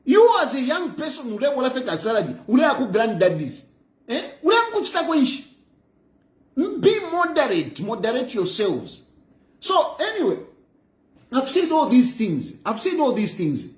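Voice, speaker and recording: A man's voice: very high-pitched, huge pitch swings, normal speed. A man with a Zambian accent, lecturing in a mocking way and repeating phrases for emphasis, recorded in an echoey room. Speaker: political commentator. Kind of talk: impassioned monologue.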